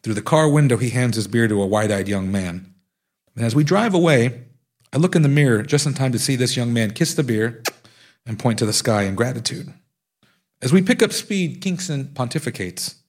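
A man's voice: medium pitch, lively intonation, moderate pace, a little mellow. A man, the author, reading aloud from his own memoir in a wry storytelling manner.

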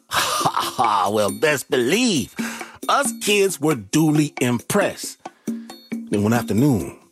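A male host telling a childhood story in a dramatic, animated way, slipping into shouts for the people in it. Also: fairly high pitch. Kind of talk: performed storytelling over music. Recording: music bed behind voice.

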